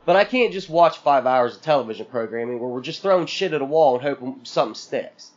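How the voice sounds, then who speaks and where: A man's voice: mid-range voice, expressive, quick pace, highs cut off. A man co-hosting a podcast, venting in a profane, exasperated rant full of sarcastic mock quotes. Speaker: podcast co-host.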